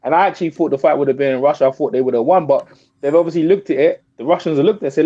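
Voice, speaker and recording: A man calling in to a boxing talk show, talking fast, repeating himself and pressing his point. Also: on the high side, dark tone. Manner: rapid, repeats himself, talks over others. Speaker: guest on a boxing call-in show. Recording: muffled lo-fi call audio.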